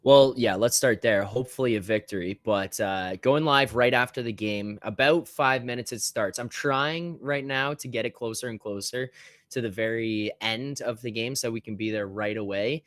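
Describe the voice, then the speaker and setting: A man talking hockey on a podcast as a guest, animated and rambling, swearing freely, with a lot of filler words. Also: medium pitch, moderate pace, no echo, clean studio sound. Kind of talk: casual hockey podcast chat.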